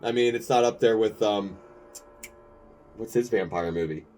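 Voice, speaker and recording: A man with a low voice co-hosts a casual podcast chat. He rambles through his points with restarts and plenty of enthusiasm. He laughs often. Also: normal speed, a little mellow. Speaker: podcast co-host.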